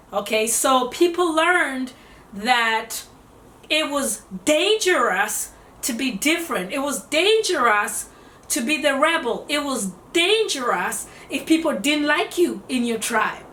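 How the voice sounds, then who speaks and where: Bright-voiced woman in an echoey room. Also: sits high, far from the mic, slight background noise. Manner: conversational, explains with rhetorical questions. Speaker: self-development vlogger. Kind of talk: casual advice talk.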